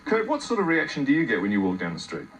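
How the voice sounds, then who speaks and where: A man presenting sketch comedy in a mock-serious, halting way. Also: medium pitch, huge pitch swings, a bit bright, faint music behind, rough recording. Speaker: comedy host.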